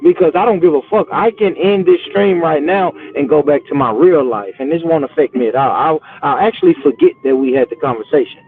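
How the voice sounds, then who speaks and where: A man hosting a live stream, arguing loudly and passionately and calling others "brother". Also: a little high, brisk, few pauses. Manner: loud, passionate, repeats "brother". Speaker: livestream host. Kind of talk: heated debate on a live stream. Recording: tinny phone-line audio.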